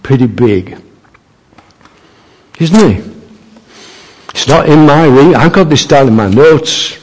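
A man preaching a sermon as a visiting speaker in a church, slow and emphatic, building to fervent climaxes. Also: medium pitch, animated. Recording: reverberant church hall.

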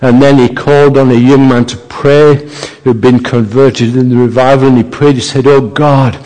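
A man preaching a sermon as a visiting speaker in a church, slow and emphatic, building to fervent climaxes. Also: mid-range voice, level tone, warm tone. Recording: reverberant church hall.

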